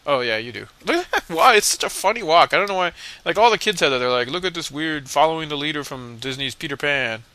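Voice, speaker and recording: A man's voice: fairly high pitch, animated, fast, bright, forceful tone, smooth, no echo. A man casually commentating a video game playthrough, rambling and mumbling with lots of fillers and irreverent jokes. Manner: joking, irreverent. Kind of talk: casual let's play commentary.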